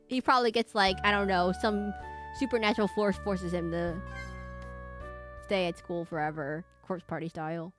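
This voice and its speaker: A woman's voice: mid-range voice, fairly bright tone. Giggly rambling woman streamer. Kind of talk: casual game commentary.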